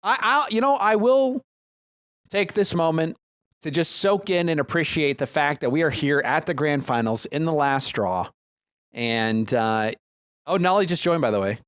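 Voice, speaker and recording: Male esports host, high-ish, very animated delivery, dry close sound. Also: normal speed, dry recording. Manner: animated, laughs easily, excitable. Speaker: esports tournament host and caster. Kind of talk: live esports commentary and banter.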